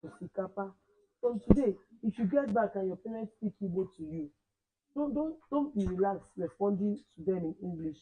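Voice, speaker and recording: High-voiced teacher drilling children. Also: male voice, lively intonation, moderate pace, phone-quality sound. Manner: quizzes children, repeats and corrects phrases; switches between Igbo and English. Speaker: Igbo language teacher. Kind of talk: classroom teaching.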